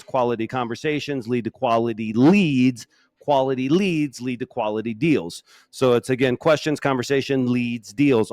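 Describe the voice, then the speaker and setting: A man's voice: mid-range voice, darkish tone, dry recording. A man hosting a sales podcast, enthusiastically affirming and building on his guest's points. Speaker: podcast host. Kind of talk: podcast interview.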